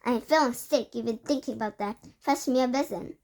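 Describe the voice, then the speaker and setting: A woman voicing a domineering female witch leader, declaiming loudly and barking orders. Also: a little high, fairly quick, lightly acted. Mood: ranting. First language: Korean.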